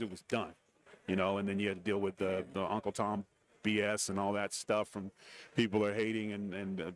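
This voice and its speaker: Speaking in a low voice, a former wrestler tells casual stories as a guest on radio row at a big event. His anecdotes wander, and he acts out the quotes within them.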